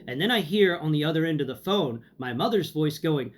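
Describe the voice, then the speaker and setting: A man's voice: on the high side, moderate pace, a little hiss or hum. A young man casually telling a dramatic personal story, acting out what people said. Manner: animated, dramatic, acts out dialogue. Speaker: host, storyteller.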